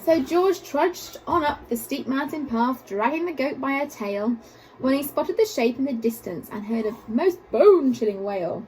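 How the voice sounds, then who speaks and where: High-voiced lady reading a kids book, super expressive, rhymey. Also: normal speed, poor audio. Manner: expressive, rhythmic. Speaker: teacher. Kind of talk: reading a picture book aloud.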